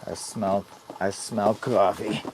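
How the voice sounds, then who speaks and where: A folksy man talking away in a tent while it rains, greeting his viewers by name and chatting about his fire and his whittling. His voice sits a little low, and a faint patter of rain and clicks sits behind him. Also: steady tone, takes it slowly, darkish tone, slight background noise. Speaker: camping vlogger. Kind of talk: casual live-stream chat. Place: inside a heated tent in the rain.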